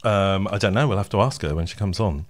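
Man, podcast co-host, casual chat, lowish voice, quick to laugh. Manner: chatty, laughs often, reads show plugs.

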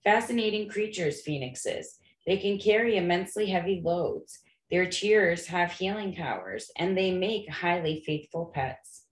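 A woman reading aloud, voicing a calm, amused old male wizard headmaster in a gently dry, unhurried way. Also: lowish voice. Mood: admiring. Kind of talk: read-aloud storybook character voice. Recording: roomy echo.

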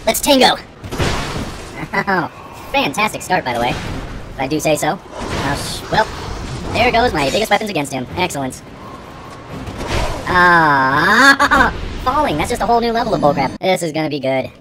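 A woman commenting on her gameplay, excitable, swearing and shouting at the game, with wry self-mocking asides. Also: lowish voice, fairly quick, background noise. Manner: excitable, cursing and yelling at the game. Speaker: let's play gamer.

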